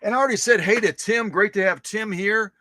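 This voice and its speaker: Man, live stream host, casual chat, rambling and upbeat, slightly high voice, dry close sound. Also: a little fast, bright, forceful tone, dry recording. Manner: rambling and upbeat, repeats himself, many filler uhs. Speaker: host of a vintage sewing machine live stream.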